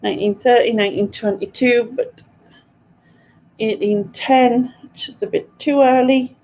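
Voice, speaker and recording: A woman's voice: a little high, fairly even intonation, measured pace, darkish tone. Giggly woman hosting a quiz. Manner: chatty, giggly, reads out viewers' answers. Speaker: quiz host. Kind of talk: casual live-stream quiz chat. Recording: dull lo-fi stream audio with faint ambience.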